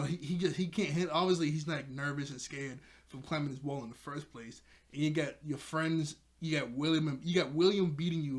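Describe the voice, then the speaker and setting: A young man casually recapping a cartoon episode, animated, acting out the characters' lines and laughing often. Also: a little high. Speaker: episode reviewer.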